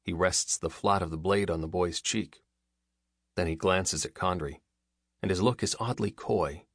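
A man reads a dark story aloud in a measured, even way. His voice is very low, and the recording is dry and close with no room sound. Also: no room sound. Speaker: audiobook narrator. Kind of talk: scripted narration.

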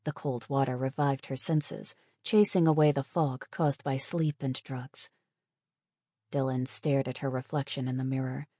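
Low husky woman reading a story. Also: fairly even intonation, measured pace, warm tone, no room sound, clean studio sound. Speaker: audiobook narrator. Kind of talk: scripted narration.

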